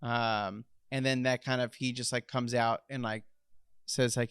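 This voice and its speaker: A young adult man co-hosting a casual podcast chat, animated and excitable, swearing freely. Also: medium pitch, a little slow, clean tone, no room sound, clean studio sound. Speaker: podcast co-host.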